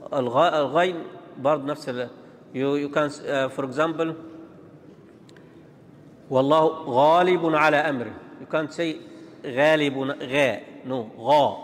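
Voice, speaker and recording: A man's voice: fairly high pitch, fairly bright tone, a little hiss or hum. Man teaching in an echoing hall. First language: Arabic. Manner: demonstrates sounds, repeats and contrasts letters, halting. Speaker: tajweed teacher. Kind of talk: Quran pronunciation lesson. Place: large mosque hall. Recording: long reverb of a large hall.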